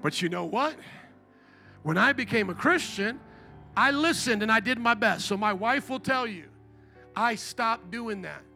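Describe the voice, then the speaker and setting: High, gravelly-voiced joking pastor man. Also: a little slow, soft background music. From Indiana. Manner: animated, joking storyteller. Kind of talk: sermon. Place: church.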